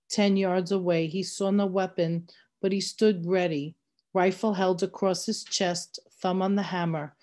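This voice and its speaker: A woman reading a novel aloud in steady, measured narration. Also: on the low side. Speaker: reader.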